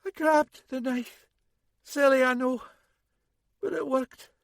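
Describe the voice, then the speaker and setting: A woman's voice: high-pitched, fairly even intonation, takes it slowly, gravelly, pitched above the performer's own voice, exaggerated voice. A man voicing a wounded young woman who keeps a dry sense of humour, speaking faintly and breathily. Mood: weak, wry. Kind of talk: audiobook character voice.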